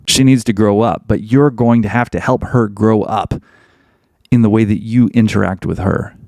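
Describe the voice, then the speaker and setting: Blunt, gravelly male podcast host. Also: lowish voice, a little mellow, no echo, clean studio sound. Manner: blunt, emphatic, repeats points for emphasis. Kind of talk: opinionated podcast monologue.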